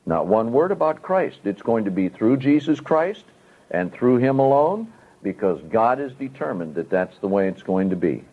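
A man's voice: medium pitch, big pitch swings, moderate pace. A man preaching a sermon, teaching step by step and stressing key words with strong rises and falls. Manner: emphatic, rising and falling for stress. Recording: tinny phone-like audio.

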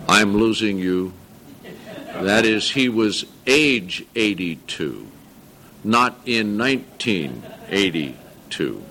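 A man's voice: fairly low pitch, a bit bright, a little hiss or hum. Earnest older man preaching a sermon. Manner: earnest, reads scripture slowly with emphasis, corrects himself. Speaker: pastor.

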